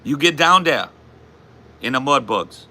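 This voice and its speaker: A man putting on a Cajun accent to play a loud, folksy cook who hollers cooking steps. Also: mid-range voice, expressive, voice pushed up, heavily acted. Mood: hyped. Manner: hollering cooking instructions, drawn-out y'all.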